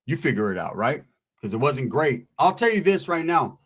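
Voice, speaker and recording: A man's voice: medium pitch, sing-song, moderate pace, breathy edge. A man telling a comic story in a laid-back, slangy, profane way. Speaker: comedian storyteller. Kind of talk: comedic storytelling.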